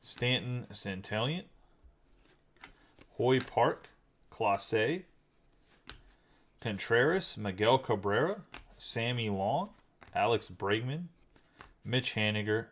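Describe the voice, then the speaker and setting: A man hosting a live card break, chatting casually and rattling off names quickly. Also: medium pitch, lively intonation, fairly bright tone.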